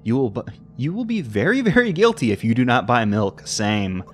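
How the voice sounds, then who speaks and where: A young man reading a text game aloud with playful commentary, jumping between squeaky high and low reading voices. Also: lively intonation, moderate pace, soft background music.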